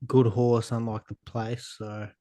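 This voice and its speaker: A young man with an Australian accent co-hosts a podcast, blunt and dry in his humor and quick to swear. His voice sits at an ordinary pitch. It is recorded close and dry. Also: flat delivery, warm tone, no echo. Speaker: podcast co-host. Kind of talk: casual chat.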